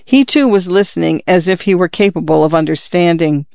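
Man reading an audiobook, steady measured telling, high smooth voice, dry lo-fi recording. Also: no room sound. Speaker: narrator. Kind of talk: audiobook narration.

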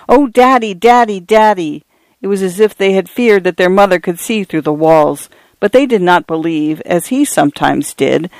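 A man narrating a literary short story at a measured, unhurried pace. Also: on the high side, clear, resonant tone, no room sound. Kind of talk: literary audiobook reading.

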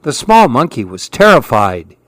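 A man reading children's storybooks aloud with an expressive, lilting delivery. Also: medium pitch, measured pace, dry recording.

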